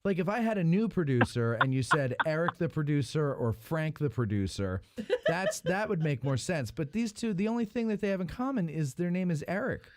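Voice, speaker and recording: A man's voice: on the high side, very animated, a little fast. A man hosting a casual joking chat, teasing his guests and laughing often. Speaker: host.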